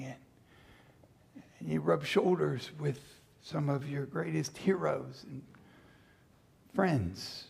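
A man delivers a sermon in an unhurried, deliberate way, his voice gravelly and a little husky. He reads scripture aloud and then retells the story with playful asides, acting out the people in it. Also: a little high, a little mellow. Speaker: pastor.

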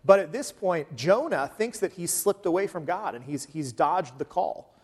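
A pastor preaches in a loose, chatty manner and fills his pauses with "um." His voice sits slightly high. It carries the long echo of a large sanctuary. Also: lively intonation, breathy edge. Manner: conversational, with frequent um fillers. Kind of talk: sermon. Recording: long hall reverb.

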